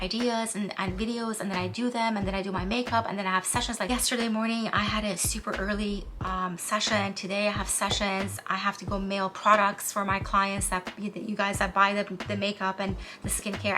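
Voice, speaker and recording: Bright-voiced woman vlogging while doing makeup. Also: mid-range voice, slight background noise. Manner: candid and heartfelt, self-soothing. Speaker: vlogger and spiritual counselor. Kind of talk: casual talk to camera while doing makeup.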